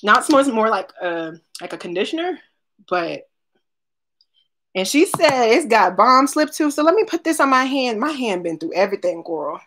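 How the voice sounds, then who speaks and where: A chatty woman talks her viewers through an unboxing on a live stream. Her voice sits fairly high and has a husky edge. She addresses her viewers by name and laughs often. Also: big pitch swings, normal speed, fairly bright tone. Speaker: unboxing vlogger. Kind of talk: casual live-stream chat.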